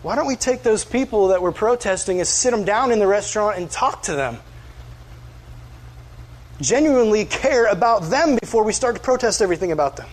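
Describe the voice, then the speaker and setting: A man's voice: high-pitched, expressive, a little fast. A male pastor, preaching in an earnest, conversational way and acting out quoted voices. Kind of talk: sermon.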